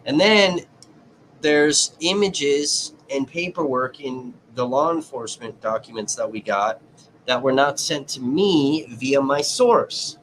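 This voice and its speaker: A man's voice: medium pitch, slow, a little hiss or hum. A man hosting a livestream who tells a story in casual, profane talk and acts out the dialogue as he goes. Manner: animated retelling that acts out dialogue. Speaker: livestream host and independent writer.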